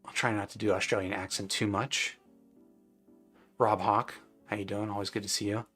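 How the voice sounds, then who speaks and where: A man's voice: on the low side, little pitch movement, moderate pace, a bit bright, faint music behind. A man hosting a live stream, casually answering viewers' chat questions with loose, rambling talk full of fillers and restarts.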